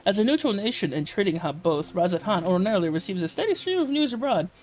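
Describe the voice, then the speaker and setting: A man's voice: sits high, big pitch swings, quick pace, a little mellow, slight background noise, rough recording. A man voicing a formal, dutiful soldier of a military order in a video game, reading in a stilted, read-aloud way. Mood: courteous.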